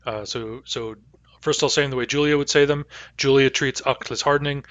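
A man with a bright, forceful voice leads a language lesson over a video call. He explains slowly and patiently, pausing often with fillers. The sound is dry and close. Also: mid-range voice, fairly even intonation, no echo. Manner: slow, careful explanations with many fillers. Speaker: language teacher. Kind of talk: online language class.

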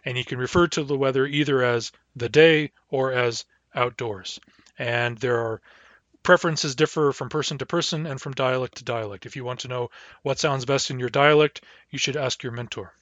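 A man teaching a language lesson, saying each word slowly and then repeating it. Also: medium pitch, fairly bright tone, no room sound, muffled recording. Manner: slow, deliberate, repeats each word twice.

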